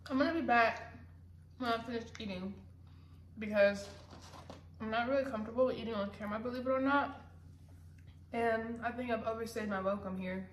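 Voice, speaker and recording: A woman's voice: a little high, fairly quick, pauses often. Chatty young woman rambling while eating. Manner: chatty, self-deprecating, talks with her mouth full. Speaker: vlogger. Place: indoors at home, sitting hunched over. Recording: roomy home recording with faint noise.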